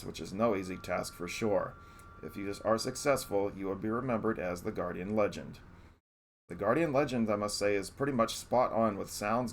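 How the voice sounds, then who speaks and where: A man's voice: fairly low pitch, slight background noise. A man reading out his review of a favourite retro game on a live stream, earnest and often restarting his sentences. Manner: earnest, self-correcting restarts.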